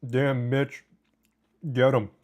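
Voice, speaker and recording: His voice sits at medium pitch with a darkish tone, delivered flatly and very slowly. The man is at home indoors running a live stream, eating as he chats casually and reads the chat out loud on a desk mic with noise cancellation.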